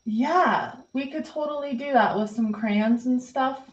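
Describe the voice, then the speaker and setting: In slightly dull, lo-fi stream audio, a woman with a high-sitting voice speaks at a measured pace. As host of an art live stream, she paints, reads viewer comments, and chats casually about her pastel work with many fillers.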